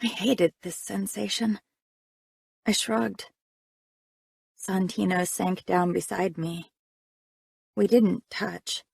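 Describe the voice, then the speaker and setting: A woman's voice: medium pitch, steady tone, slow, gravelly, pauses often, darkish tone, husky, no room sound. A woman narrating a first-person audiobook in a reflective, conversational reading.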